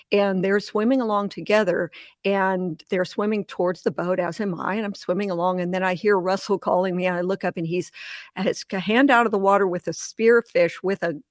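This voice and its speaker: Interview guest, woman, animated storyteller who laughs easily, dry close recording. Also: fairly low pitch, no echo. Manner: animated storyteller, laughs often, acts out voices. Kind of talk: storytelling in casual conversation.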